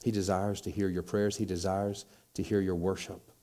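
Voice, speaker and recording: A man preaches with a low, mellow voice, slipping into the voices of the people he quotes. His delivery climbs in force when he presses a point, then drops back to a quiet, close tone. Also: little pitch movement, normal speed. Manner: preaching with rising intensity and dramatized quotes. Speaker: pastor. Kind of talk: sermon.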